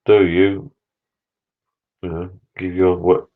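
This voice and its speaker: A man's voice: sits low, flat delivery, takes it slowly, narrow, tinny audio. An older man hosting a live stream from his backyard bar, chatting in a rambling, sentimental way. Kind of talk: casual chat. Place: backyard garden bar shed.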